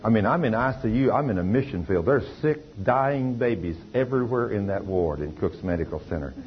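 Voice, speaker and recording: A preacher tells testimony stories in a low, emphatic voice. He presses his points hard and acts out the other people in the stories. The recording is dull and lo-fi, with a faint room ambience behind him. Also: lively intonation, a little fast, slight background noise. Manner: emphatic, testifying with acted quotes. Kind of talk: sermon storytelling.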